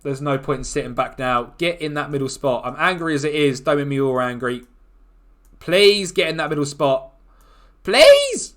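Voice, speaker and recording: A man commentating on his own football management game, excitable and quick to groan and shout at the action. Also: mid-range voice. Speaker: gaming YouTuber.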